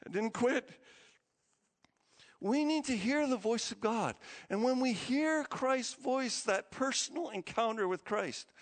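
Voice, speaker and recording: A man preaching a sermon as pastor, telling stories with feeling, his voice climbing high and then dropping to a hush. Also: husky, long reverb tail. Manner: emotional storytelling, voice rising high and dropping low to a hush.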